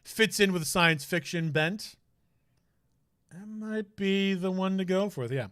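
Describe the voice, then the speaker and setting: A man's voice: high-pitched, measured pace, fairly bright tone, clean tone, no room sound, studio quality. A man streaming a game, chatting casually and rambling with jokey asides. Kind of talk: casual let's-play commentary.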